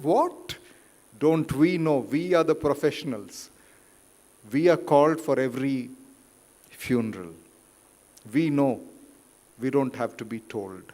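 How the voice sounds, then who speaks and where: A man preaching a sermon in a church, rising loud for quotes and dropping quiet. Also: medium pitch. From India. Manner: slow, deliberate, rises loud for quotes then drops quiet. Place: church hall. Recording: reverberant church hall.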